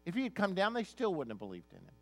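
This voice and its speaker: A man preaching a sermon with a voice pitched a bit high for a man. He reads scripture aloud, then explains it in a plain, emphatic, conversational way. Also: huge pitch swings, quick pace, gravelly, a little mellow. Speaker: pastor.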